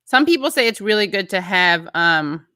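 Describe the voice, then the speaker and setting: A woman's voice: mid-range voice, animated, moderate pace, bright, forceful tone, clean tone, no echo, studio quality. A woman hosting a casual show, chatting loosely, breaking off mid-thought and reading out viewer comments. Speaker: show host.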